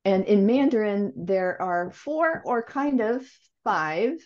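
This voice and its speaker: A woman's voice: medium pitch, lively intonation, slow pace, darkish tone, lo-fi sound, slight background noise. A woman guest in an interview, explaining language learning in a thoughtful way, often correcting herself and acting out learner questions. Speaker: language education expert guest.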